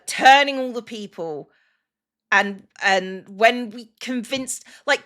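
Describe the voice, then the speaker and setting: A woman streams and chats in a casual, emotional way, full of restarts and "like" fillers. Her voice sits a little high and sounds bright and forceful. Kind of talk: casual chat on a livestream.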